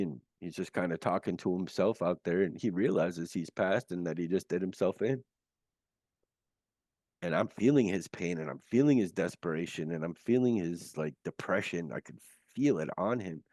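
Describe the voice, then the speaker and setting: Earnest low-voiced man on a video call. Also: a little mellow, no echo, clean studio sound. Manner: earnest, halting, many restarts. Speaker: guest. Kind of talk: recounting a near-death experience.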